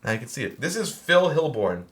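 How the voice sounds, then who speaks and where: Podcast host, American man, mid-pitched, animated casual talker. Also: fairly quick. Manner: animated, laughing storyteller, many fillers. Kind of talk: casual chat.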